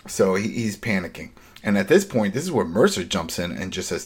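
A man hosting a casual TV recap podcast, acting out the characters' lines in big voices. His voice sits a little low, and he jumps up into the quotes he performs. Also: big pitch swings, a little fast, breathy edge. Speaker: podcast host.

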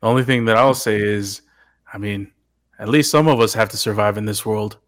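A man's voice: on the low side, fairly quick. A man co-hosting a podcast who speaks hesitantly, stammering and restarting while giving his opinion on a TV show. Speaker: podcast co-host. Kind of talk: casual show recap chat.

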